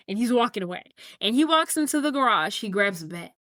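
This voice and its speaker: A woman's voice: on the high side, big pitch swings, fast talker, few pauses, fairly bright tone, dry recording, studio quality. A woman podcast co-host retelling a movie scene in casual chat, acting out the characters' lines.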